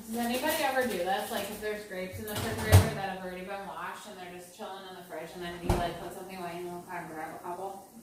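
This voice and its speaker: A woman's voice: mid-range voice, steady tone, racing. A woman hosting a casual cooking vlog in her home kitchen, chatty and rambling, poking fun at herself as she cooks. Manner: chatty, rambling, self-deprecating. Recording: very echoey room, mic far off, noisy.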